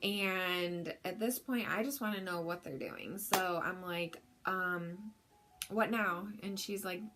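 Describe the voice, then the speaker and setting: A woman's voice: on the low side, takes it slowly, over music. Young woman, casual vlog storyteller, candid and chatty, full of "like"s and "um"s. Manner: chatty and frank, filler-heavy with lots of "like". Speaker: vlogger.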